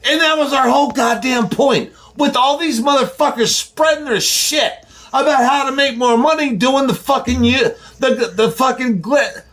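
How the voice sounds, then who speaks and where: A delivery driver rants to his viewers on camera, heated, profane, and confrontational. His voice is extremely high-pitched and a bit bright, at a moderate pace.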